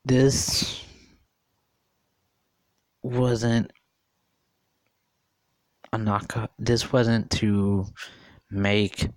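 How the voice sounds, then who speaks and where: A man's voice: lowish voice, steady tone, drawn-out words, long pauses, no room sound. A man in his thirties giving an earnest, repetitive opinion monologue, often repeating and questioning. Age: 30s. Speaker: vlogger.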